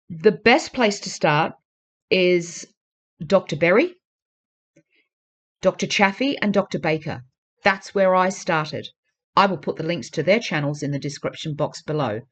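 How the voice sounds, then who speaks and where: A woman's voice: on the low side, dull audio. A woman vlogging to camera, earnest and urging, repeating her pleas for emphasis. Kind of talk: casual talk to camera.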